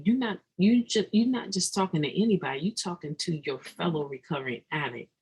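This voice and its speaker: Halting and restarting mid-thought, this recovery meeting speaker breaks into sudden emphatic bursts during an earnest, reflective daily meditation talk. A husky, mid-range voice comes through a low-quality recording.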